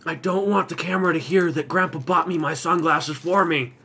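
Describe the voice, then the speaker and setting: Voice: mid-range voice, brisk, sharp tone, slight background noise. Rambling young adult storyteller. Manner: rambling, laughs at own jokes. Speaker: co-host. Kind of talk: casual chat.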